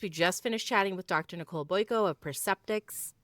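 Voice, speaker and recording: A woman's voice: fairly low pitch, brisk, a bit bright, soft background music. A woman co-hosting a business podcast, enthusiastic and chatty, with many fillers. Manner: enthusiastic, filler-heavy, lots of "like" and "yeah". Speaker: podcast co-host. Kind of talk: podcast conversation.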